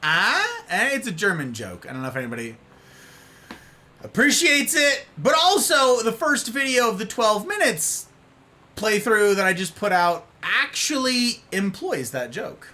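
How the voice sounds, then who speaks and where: A man's voice: sits high, sing-song, measured pace, sharp tone. A young man chatting casually with his live-stream viewers, playful and theatrical, with old-fashioned turns of phrase.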